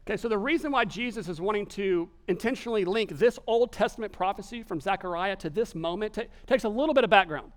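High-voiced preacher, animated. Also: male voice, a little fast. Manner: animated storytelling, voicing characters in quotes. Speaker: pastor. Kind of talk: sermon.

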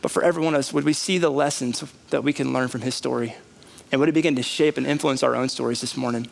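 A man's voice: mid-range voice, fast, gravelly. A man in his thirties, a pastor preaching a conversational sermon in a church. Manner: animated, conversational preaching with rising emphasis. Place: church sanctuary.

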